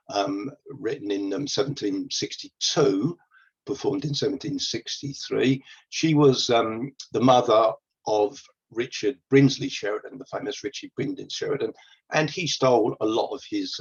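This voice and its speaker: A man's voice: lowish voice, normal speed, breathy edge. A man giving a casual, hesitant talk about old plays, full of ums and restarts, as presenter for a theatre company. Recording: dull lo-fi recording.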